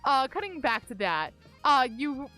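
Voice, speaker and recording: A woman's voice: high voice, big pitch swings, unhurried, pushed and bright, faint music behind. A woman streamer and game master, rambling and swearing as she recounts a tabletop session while gaming. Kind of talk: casual storytelling while gaming.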